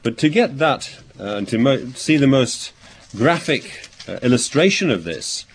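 A man preaching a sermon, reading verses aloud and explaining them, thinking aloud with pauses and restarts. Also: medium pitch, very animated, a little hiss or hum. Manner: expository, reads scripture aloud and explains it.

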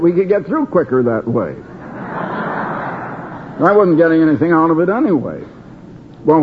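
An older man preaching a slow, deliberate Bible study sermon with many pauses and restarts, heard over a tinny broadcast. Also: fairly high pitch, husky. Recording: tinny phone-like radio broadcast.

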